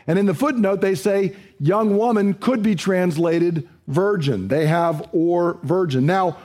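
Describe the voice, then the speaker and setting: A man's voice: high-pitched, a little slow, darkish tone. A man teaching a Bible study lecture, explaining a passage and reading scripture aloud, with a few fillers.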